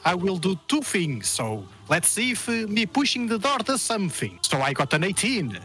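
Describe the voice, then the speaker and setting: Lively, bright man at a tabletop game. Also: high-pitched, normal speed, soft background music. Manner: animated, playful, dramatic in character. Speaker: player. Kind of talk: casual chat in a tabletop game.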